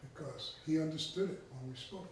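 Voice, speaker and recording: A man's voice: on the high side, fairly quick, slight background noise. A man who is a tribal chief giving a conversational talk, often checking in with his listeners. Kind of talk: conversational lecture. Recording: echoey room, mic far off.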